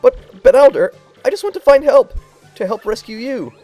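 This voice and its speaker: Man putting on a whiny little creature boy, high voice, pleading, game character. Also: sing-song, normal speed, mellow, dry recording, soft background music. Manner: pleading, whining.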